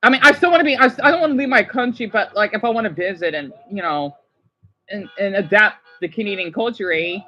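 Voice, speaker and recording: An excitable woman from the United States hosting a casual livestream, gushing as she reacts and often apologizing. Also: mid-range voice, quick pace, muffled recording. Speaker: livestream host.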